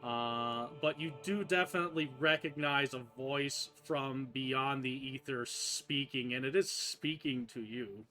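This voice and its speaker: A man narrating as game master of a tabletop game, slow and descriptive with casual swearing. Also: mid-range voice, bright, forceful tone, soft background music.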